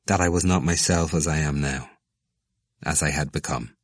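A man's voice: extremely low pitch, normal speed, no room sound, studio quality. A man reading a proud, defiant young male student with curt, clipped replies.

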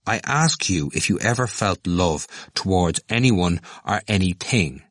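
A man's voice: sits low, lively intonation, a little slow, fairly bright tone, no echo, clean studio sound, full character voice. A man doing a prying young student. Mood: probing. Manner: probing, blunt questions.

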